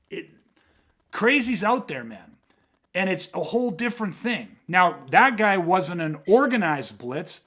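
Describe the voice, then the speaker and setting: A man with a somewhat high voice, talking in a loose, casual podcast chat. He teaches self-defense and rambles through his stories. He swears freely and keeps dropping fillers like "you know what I mean". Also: sharp tone.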